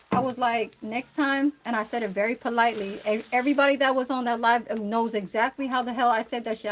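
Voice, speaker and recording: A woman chatting casually on a cooking livestream, telling a rambling, profane story to her viewers while she cooks in a kitchen. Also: fairly high pitch. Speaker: livestream cook.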